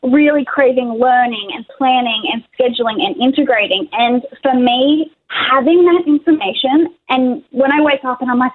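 High enthusiastic woman over a tinny line. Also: normal speed, few pauses, noisy background. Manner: enthusiastic, emphatic. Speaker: podcast guest. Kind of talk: casual chat.

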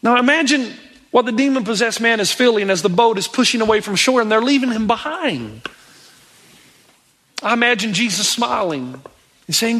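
A middle-aged man preaching a sermon as a pastor, animated, acting out the pleading voices of people in the story. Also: extremely high pitch, normal speed, breathy edge.

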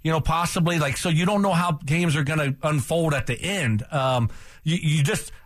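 A man's voice: fairly high pitch, moderate pace, a little hiss or hum. Ranting, fired-up sports radio man. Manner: heated, ranting, repeats himself. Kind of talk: casual sports talk.

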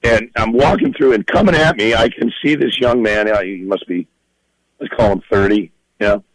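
A film director being interviewed, telling stories in a lively, animated way and laughing often. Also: male voice, on the low side, normal speed, no echo, poor audio. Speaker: film director and writer, guest. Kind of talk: storytelling in a podcast interview.

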